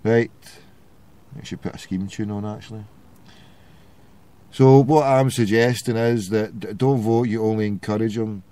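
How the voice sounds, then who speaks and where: A man's voice: medium pitch, warm tone. A Glaswegian man hosting a call-in show, ranting with sarcasm and heavy swearing. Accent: Glasgow Scottish. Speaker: radio show host. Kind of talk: ranting opinion monologue.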